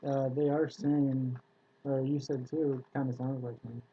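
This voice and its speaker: Low woman's voice joking along on a stream, muffled audio, crowd noise behind. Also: level tone. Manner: joking, quick interjections. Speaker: live-stream co-host. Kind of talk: casual live-stream chat.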